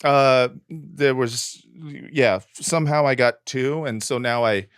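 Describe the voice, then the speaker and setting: A man's voice: mid-range voice, slow pace, clear, resonant tone, no room sound, clean studio sound. A man co-hosting a casual comedy podcast, joking around and rambling with plenty of fillers. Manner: jokey, rambling, lots of fillers. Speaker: podcast co-host.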